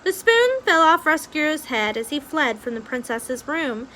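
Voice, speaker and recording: A woman's voice: high voice, big pitch swings, normal speed, bright, forceful tone, a little hiss or hum, rough recording. A woman reading a children's novel aloud with expression, after a casual recap. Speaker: reader.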